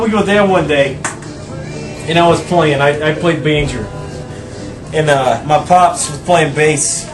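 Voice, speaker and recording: A man plays a bragging bookie who tells his story in loops, repeating every line twice. The voice sits a little high, and music plays loudly behind him. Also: natural voice. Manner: rambling, repetitive storyteller. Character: boastful male bookie and agent. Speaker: interviewee. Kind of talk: improvised mockumentary acting.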